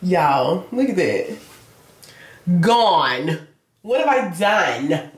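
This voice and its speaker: A woman's voice: fairly low pitch, big pitch swings, drawn-out words. Chatty young woman vlogging at home. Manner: chatty, talks straight to viewers as "y'all". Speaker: beauty vlogger. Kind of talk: casual vlog chat to camera. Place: at home, indoors. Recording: roomy home recording with faint noise.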